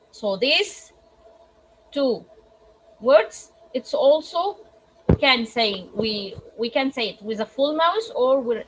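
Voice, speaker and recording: A woman teaches recitation rules over a video call. Her voice sits high, and she explains step by step, often restarting her sentences and sounding words out. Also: a little hiss or hum, low-quality recording. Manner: explains slowly with frequent restarts, models Arabic words aloud. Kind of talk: online tajweed lesson.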